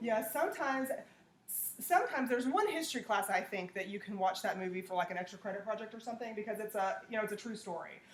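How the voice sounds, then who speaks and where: A woman's voice: medium pitch, expressive, fast talker, slight background noise. A woman lecturing a classroom, talking conversationally and checking in with "okay?". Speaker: teacher.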